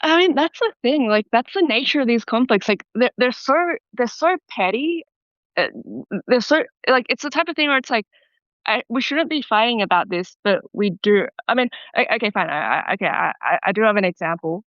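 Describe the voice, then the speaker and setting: A young woman calling into an advice show, recounting a fight with many halting restarts. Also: on the high side, lively intonation, fairly bright tone, no room sound. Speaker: caller. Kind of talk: call-in advice conversation. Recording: muffled phone-line caller audio.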